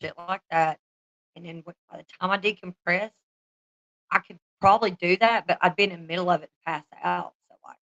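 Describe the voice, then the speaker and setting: A woman's voice: on the low side, a little fast, fairly bright tone, dry recording, lo-fi sound. A woman chatting casually on a livestream, laughing often and swearing freely as she talks to her viewers.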